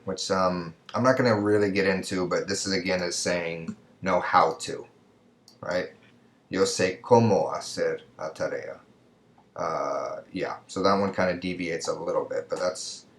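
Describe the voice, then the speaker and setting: Low-voiced man teaching in a roomy echo. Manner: patient, repeats answers with frequent "right?" and "okay?". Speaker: college Spanish instructor. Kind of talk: screen-recorded lecture walking through exercises.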